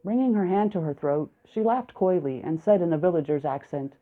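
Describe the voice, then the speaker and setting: A woman with a lowish voice reads a first-person story aloud, steady and reflective. The recording is narrow and tinny, like a phone line. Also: fairly quick, few pauses. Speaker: audiobook narrator. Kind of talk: audiobook narration of a first-person male narrator.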